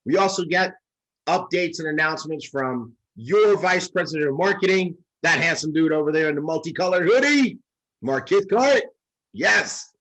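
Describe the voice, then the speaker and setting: A man hosting a weekly livestream training, reading out viewer shout-outs in an upbeat, hyped-up way. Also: on the high side, animated, normal speed, rough recording. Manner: upbeat, hype. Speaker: host.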